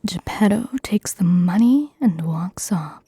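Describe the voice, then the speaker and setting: A woman's voice: medium pitch, lively intonation, a little slow, mellow, breathy edge, no room sound. A woman streamer whispering an ASMR script reading, with giggly asides between lines.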